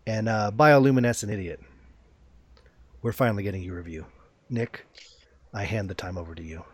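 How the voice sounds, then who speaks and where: A man's voice: fairly low pitch, fairly quick, husky. A male podcast host talking casually in an upbeat, rambling way with plenty of fillers.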